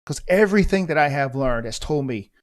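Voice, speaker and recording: A former police officer turned podcast host, this middle-aged man from the United States has a fairly high pitch and lively intonation. He talks a little fast while delivering a storytelling monologue full of blunt, intense profanity.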